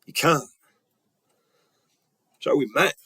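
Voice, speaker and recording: A man's voice: slow, sharp tone, dry recording. A man telling a story in a casual monologue, retelling conversations bluntly and earnestly. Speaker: vlogger.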